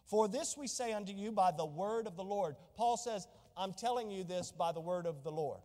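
A man's voice: high voice, expressive, moderate pace, darkish tone, long reverb tail. A male pastor preaching a sermon to a congregation, reading scripture aloud and putting questions to the people in the pews. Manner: preaching, reads scripture in old wording, asks the congregation questions. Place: church.

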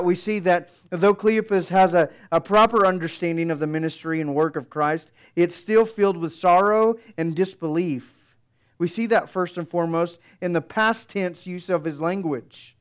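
Smooth-voiced, reflective male preacher. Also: high voice. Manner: reflective, measured, with rhetorical questions. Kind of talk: expository sermon.

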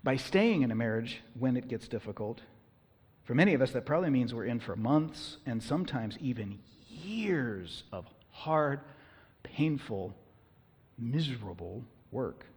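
A man preaching a sermon as pastor, talking conversationally and punching words with bursts of loud emphasis. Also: mid-range voice, lively intonation, a little slow, slightly rough, in a large hall.

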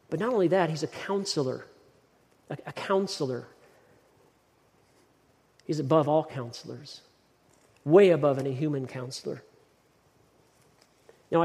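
Pastor, male, emphatic sermon delivery with repeated words; raised pitch, long hall reverb. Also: darkish tone.

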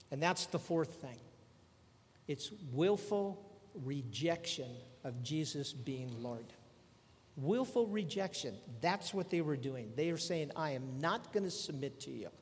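Older man, sermon, conversational preaching, rhetorical questions, slightly high voice, reverberant hall. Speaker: pastor.

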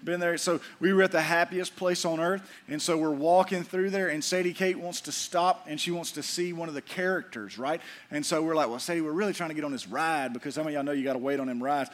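A middle-aged man preaching a sermon to his church, folksy, joking with the congregation and animated. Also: a little high, brisk, hardly any pauses. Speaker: pastor.

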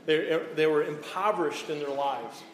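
A pastor preaching a sermon in an earnest way, often checking in with the listeners. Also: male voice, on the high side, moderate pace. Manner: earnest, repeats "okay?" to check in. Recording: echoey hall, faint room noise.

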